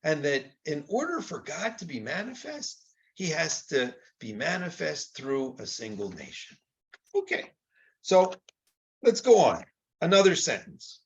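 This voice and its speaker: A man's voice: fairly high pitch, wildly swooping pitch, a little slow, highs cut off. An older man teaching Torah in an informal, conversational lecture, often acting out quoted exchanges with rhetorical rises.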